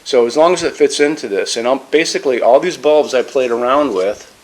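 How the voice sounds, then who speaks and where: Male product presenter, casual and eager, restarts often, mid pitch, faint kitchen clatter behind. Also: a little fast, a little hiss or hum. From United States. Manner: casual, enthusiastic, many fillers and restarts. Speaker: lighting store presenter. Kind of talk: product demonstration.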